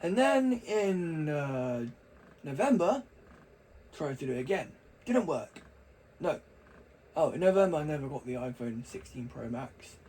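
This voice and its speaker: A man's voice: a little high, very animated, unhurried, dark tone, slight background noise, low-quality recording. A young man talking casually to camera, rambling and chatty with frequent restarts. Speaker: vlogger.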